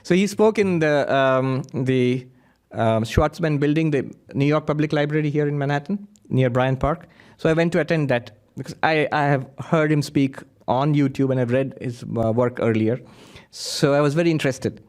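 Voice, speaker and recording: Male monk lecturing, animated storyteller, laughs often, slightly high voice. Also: normal speed. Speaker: monk giving a talk. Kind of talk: lively spiritual lecture with anecdotes.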